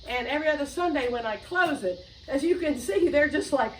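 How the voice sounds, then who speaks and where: A woman's voice: high voice, lively intonation, fairly quick, a little hiss or hum. A woman host, chatting loosely and rambling between songs at home. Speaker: show host and singer. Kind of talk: casual chat and singing with ukulele. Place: home room with doors open to a yard. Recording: roomy, distant mic, loud music.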